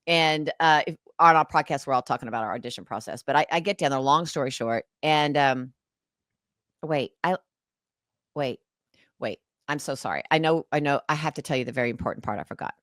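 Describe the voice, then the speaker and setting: A woman, an actress and author, telling an emotional story as an interview guest in an animated, dramatic way. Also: rumbling low, a little fast, no room sound. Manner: animated, dramatic, acts out past conversations.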